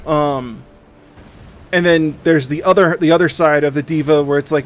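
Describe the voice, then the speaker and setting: A young streamer chats casually on a livestream, animated and profane, often mimicking other people in quick asides. His voice is a little high, with soft background music playing.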